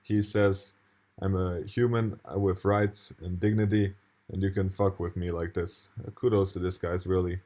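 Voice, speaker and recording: A man's voice: low-pitched, flat delivery, normal speed, warm tone. A man commenting casually on a video he plays, indignant and rambling, swearing now and then. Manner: indignant, rambling, profane, with restarts and laughs.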